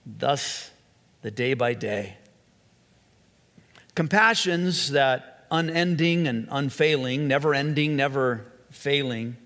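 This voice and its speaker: A man delivers an earnest sermon as a pastor, slowing down to lean on key phrases and often restarting mid-sentence. His voice sits at an ordinary middle pitch. A long reverb trails each line, as in a large hall. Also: a bit bright. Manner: earnest, with slow emphatic phrases and frequent restarts.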